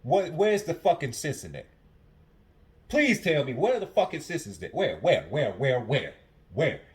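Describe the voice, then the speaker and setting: A man's voice: on the high side, very animated, a little slow. A young man hosting a casual podcast at home, talking in a passionate, profane monologue that repeats itself. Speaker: podcast host.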